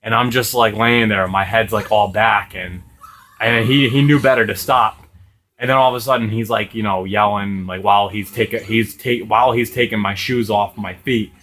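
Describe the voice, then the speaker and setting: A man's voice: lowish voice, fairly even intonation, normal speed, a bit bright. A young man casually telling a rambling, profane story while playing a video game, laughing now and then. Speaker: gaming video host.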